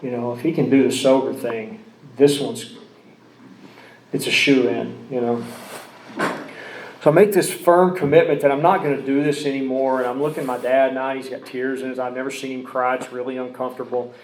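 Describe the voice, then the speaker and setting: A man talks through his own recovery story in a loose, rambling way, circling back and restarting his sentences. His voice sits at an ordinary middle pitch. The recording has a noticeably roomy sound with a faint hum of background noise. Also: steady tone, brisk. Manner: rambling, with many restarts and asides. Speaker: recovery speaker.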